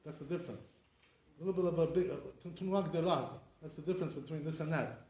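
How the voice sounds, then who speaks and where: A man's voice: a little high, fast, darkish tone. A man, a rabbi, teaching an informal class to students, explaining step by step, checking in with listeners and saying sounds aloud to demonstrate them. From Sephardi community. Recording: echoey room.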